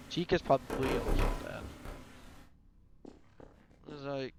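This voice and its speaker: A man's voice: fairly high pitch, normal speed, background noise. A man casually narrating a game story, rambling and offhand. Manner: rambling and offhand, slipping into character voices. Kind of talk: casual storytelling over gameplay.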